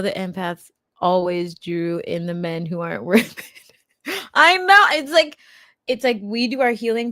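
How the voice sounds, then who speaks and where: This young adult woman, heard in clean studio sound without echo, speaks in a mid-range voice while hosting a relaxed livestream. She chats with viewers, uses plenty of fillers, and laughs frequently.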